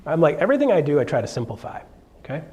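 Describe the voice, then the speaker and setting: A man coaching a live seminar audience in an animated, jokey way, acting out quotes in a raised voice. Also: on the high side, racing. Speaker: real estate coach. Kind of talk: energetic seminar talk.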